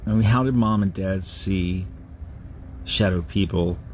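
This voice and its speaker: A man with a somewhat low voice recounts a personal ghost story, taking his time. He talks very slowly and haltingly, pausing and restarting as he goes, with a faint hiss of background noise. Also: a little mellow. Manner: slow, measured, halting storytelling with pauses and restarts. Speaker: narrator of a paranormal recording series.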